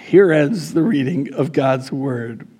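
A man's voice: on the high side, takes it slowly, dark tone, breathy edge. A man preaching a live sermon as pastor in a church, casual and chatty, with many fillers.

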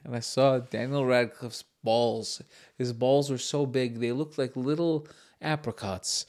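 A man in his thirties, co-hosting a crude, casual comedy chat and laughing his way through animated, profane stories. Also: medium pitch, a little slow. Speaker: podcast co-host.

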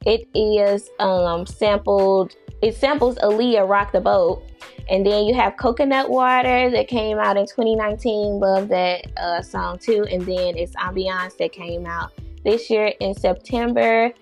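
A woman's voice: mid-range voice, steady tone, faint music behind. Laughing chatty woman podcast host. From not from the US East Coast. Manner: chatty, laughs often, drawn-out phrasing. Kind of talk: casual chat.

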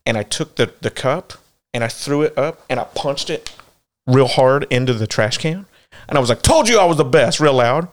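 A man's voice: medium pitch, normal speed. A man with a mid-range voice, telling goofy stories on a casual podcast. He laughs often and swears freely as he jokes. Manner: joking, laughing storyteller. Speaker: podcast co-host. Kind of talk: casual chat.

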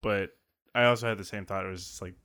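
Dude w a smooth clear voice, rambles, like, constantly. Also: male voice, low voice, fairly even intonation, quick pace, a bit bright. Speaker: podcast co-host. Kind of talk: casual chat.

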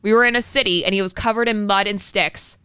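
A woman's voice: medium pitch, steady tone, fast talker, sharp tone, clean tone, dry recording. A woman in her thirties co-hosting a podcast, telling a personal story candidly and swearing freely. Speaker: podcast co-host. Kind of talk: casual conversational storytelling.

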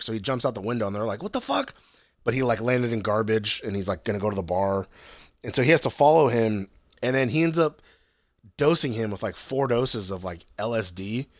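A man's voice: fairly low pitch, no echo. A young man casually recapping a TV series, rambling and swearing as he acts out the characters' lines. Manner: rambling, profane, acts out quotes.

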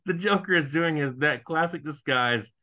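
A man's voice: on the high side, normal speed, bright, forceful tone. A man co-hosting a podcast, adding wry, joking commentary while recapping a TV episode. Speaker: podcast co-host. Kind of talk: casual chat recapping a TV episode.

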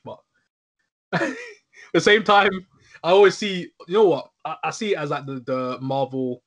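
Man, rapid-fire talker, casual chat, rambling and animated. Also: mid-range voice. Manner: rambling, animated, frequent "you know what I'm saying".

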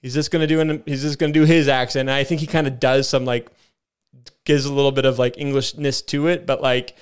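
A man's voice: mid-range voice, flat delivery, brisk, smooth. A man co-hosting a podcast, chatting casually and enthusiastically about movies and often restarting his sentences. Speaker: podcast co-host.

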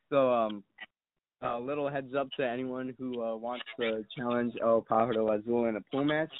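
Chatting casually as a podcast guest, this young man speaks at a medium pitch and moderate pace with fairly even intonation. His stories ramble in a mock-serious way, full of fillers and curses, over dry, tinny, phone-like audio.

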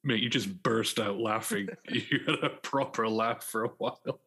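A man co-hosting a podcast interview, relaxed and conversational. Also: fairly low pitch, normal speed, breathy edge. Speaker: podcast co-host. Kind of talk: casual interview.

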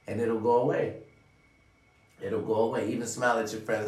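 A man delivering a profane, preachy motivational monologue straight to his viewers, often calling out "ladies and gentlemen.". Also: on the low side, moderate pace, far from the mic. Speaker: vlogger giving life advice. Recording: roomy sound, away from the mic.

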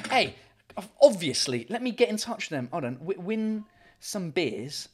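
A man's voice: high voice, very animated, normal speed. A man hosting a casual livestream from home, reading out viewer comments in a rambling way, with lots of fillers and swearing. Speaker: livestream host.

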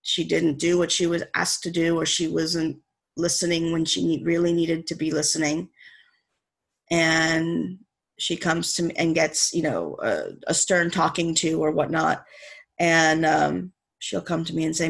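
A woman's voice: low voice, fairly even intonation, unhurried, creaky. A woman in casual conversation, affirming her partner and telling stories about parenting her young daughter. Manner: warm, affirming, quotes her child in storytelling.

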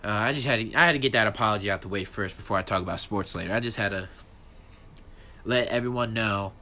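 Talking fast on his own podcast, a man rants in a casual, profane way. His voice is bright and forceful, with big, animated jumps in pitch.

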